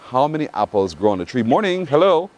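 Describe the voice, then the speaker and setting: Barbadian man, radio host, lively up-and-down voice, teasing, playful. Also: mid-range voice, fast, poor audio. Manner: teasing, playful banter with callers. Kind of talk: morning call-in radio show.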